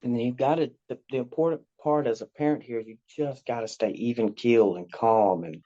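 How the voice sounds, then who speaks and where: A man's voice: medium pitch, a little fast, mellow. A man guest explaining a parenting approach in a casual, rambling way, often repeating himself and acting out what parent and child say. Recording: slightly dull lo-fi sound.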